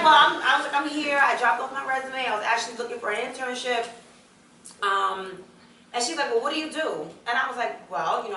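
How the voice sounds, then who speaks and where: Fast, bright-voiced woman telling a story. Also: fairly high pitch, a little hiss or hum. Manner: animated, acts out voices in her stories, laughs often. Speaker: panelist. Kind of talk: storytelling on a panel. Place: hotel event hall. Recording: echoey event room, mic picked up from a distance.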